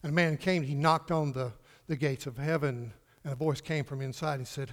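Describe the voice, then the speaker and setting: A male pastor preaching a sermon emphatically, swinging from loud declarations to hushed questions and repeating words for stress. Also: mid-range voice, fairly even intonation, fairly quick, hardly any pauses. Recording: reverberant hall.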